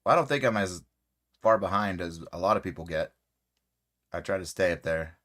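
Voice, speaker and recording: A man hosting a casual crochet livestream, rambling relaxed and friendly with many fillers and greeting viewers by name. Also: low voice, brisk.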